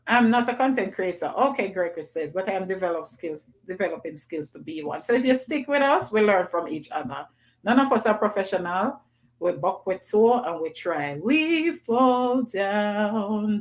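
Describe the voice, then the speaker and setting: A woman hosting a casual livestream, chatting and reading viewer comments aloud. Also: mid-range voice. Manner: chatty, reads comments aloud, playful patois bits.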